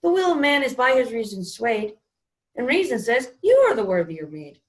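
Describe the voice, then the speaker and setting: A woman's voice: on the high side, very animated, normal speed. A young woman playing an impulsive, ardent young man, speaking earnest verse in an amateur student Shakespeare performance over an online call. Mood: passionate. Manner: earnest verse delivery, often soft. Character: ardent young male lover, impulsive and fickle. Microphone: video call.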